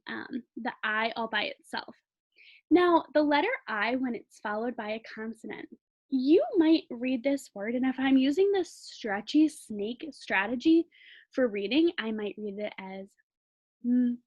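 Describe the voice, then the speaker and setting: A woman's voice: on the high side, dull audio. Woman teacher, patient phonics lesson. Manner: patient, sounds words out slowly.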